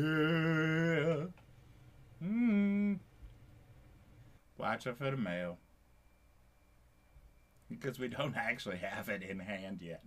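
Slow, laid-back man rambling to camera. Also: fairly low pitch, fairly bright tone. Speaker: YouTube channel host. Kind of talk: casual camera review vlog.

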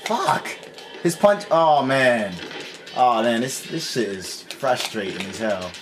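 A man's voice: mid-range voice, lively intonation, slow. A man giving casual gameplay commentary, frustrated and swearing constantly. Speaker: let's play gamer. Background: game music.

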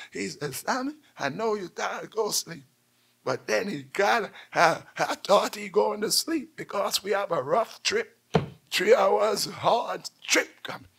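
A man preaching a call-and-response sermon, swinging from shouts to near-whispers as he tells stories. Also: high-pitched, creaky, husky.

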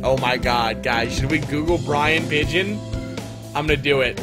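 A man's voice: mid-range voice, moderate pace, over music. A man streaming a game, making casual, profane, joking asides. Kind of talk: let's-play commentary.

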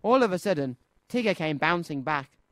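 Expressive man reading a children's story. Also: a little high, normal speed, dry recording. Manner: expressive, sing-song. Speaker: children's radio presenter.

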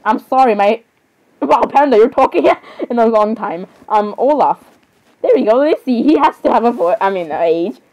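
A teenage girl chatters through casual reaction commentary, apologizing again and again between giggles. Her voice sits fairly high but sounds mellow and soft rather than bright. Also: lively intonation, moderate pace, rough recording. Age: teens.

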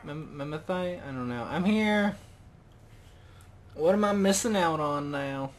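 A young man casually commentating a video game, rambling and joking, excited. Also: fairly high pitch, measured pace, a little hiss or hum. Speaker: gaming video host. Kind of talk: casual let's-play commentary.

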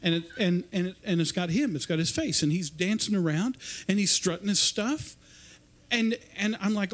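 Guy preaching in church, high voice, rambly, keeps restarting his sentences. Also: fairly quick, a bit bright. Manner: rambling, repeats and restarts words. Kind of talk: informal sermon. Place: church service.

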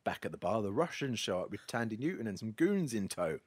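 Podcast guy wryly recapping a movie plot, lowish voice, dry close sound. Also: sing-song, fairly quick, breathy edge, dry recording. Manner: wry, storytelling. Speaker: podcast host. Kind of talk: casual film recap.

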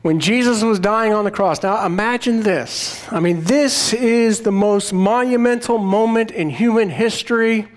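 A man's voice: high-pitched, a little slow, hardly any pauses. A man preaching a sermon, retelling Bible stories in a conversational, storytelling way. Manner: storytelling, conversational, retells scripture in quoted voices. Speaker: pastor.

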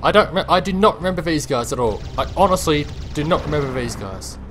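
A man's voice: fairly high pitch, fast talker, music in the background. A man giving let's-play commentary on a game, talking to himself and his viewers, and yelping and swearing whenever something startles him. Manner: excitable, yelps and swears when startled. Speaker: gameplay commentator.

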